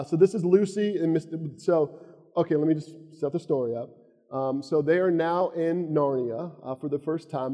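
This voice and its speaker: A man's voice: fairly high pitch, mellow, long reverb tail. A man with a Southern US accent preaching a sermon, earnest and a bit rambling.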